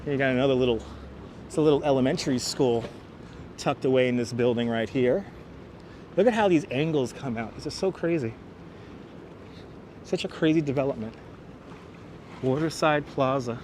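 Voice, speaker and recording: A man's voice: mid-range voice, normal speed, long pauses, a little mellow. A man with a New York accent hosting a live walking tour outdoors, chatty and jokey, talking to his viewers on a clip-on mic. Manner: chatty, jokey, addresses the chat. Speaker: livestream host. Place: outdoors on a city waterfront. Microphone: wireless clip-on mic. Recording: outdoor street noise from wireless mic.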